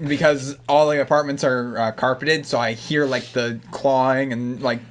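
A man's voice: mid-range voice, steady tone, moderate pace. A man co-hosting a casual podcast with a mid-range voice. He talks easily and throws in teasing jabs at his friends. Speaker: podcast co-host. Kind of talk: casual chat.

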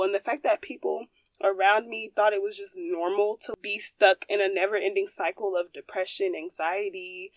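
A woman's voice: mid-range voice, no room sound. A young woman hosting a podcast, telling a personal testimony in a candid, emphatic way. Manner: candid and emphatic, addresses listeners as y'all. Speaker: podcast host.

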